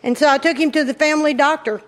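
A faint crowd is audible as a middle-aged woman with a high voice tells a funny story about her own life to an audience at a quick pace. She's lively, drawls in a folksy way and laughs frequently.

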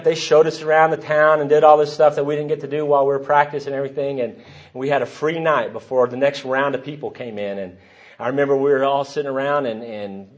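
A middle-aged man giving a rambling, self-deprecating personal testimony from the podium at a recovery meeting. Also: mid-range voice. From Texas.

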